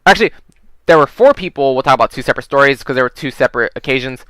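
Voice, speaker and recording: Bright, crisp-voiced man telling stories casually. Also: mid-range voice, expressive, racing, dry recording, rough recording. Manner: rambling, swears freely, heavy use of "like" and "um". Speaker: gaming vlogger. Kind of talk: casual storytelling while playing a video game.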